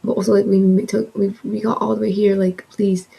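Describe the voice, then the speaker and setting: Young woman vlogger rambling through a storytime, warm husky voice, swears a lot, acts stuff out. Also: mid-range voice, brisk, poor audio. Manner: animated, swears freely, acts out quotes. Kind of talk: casual storytime chat.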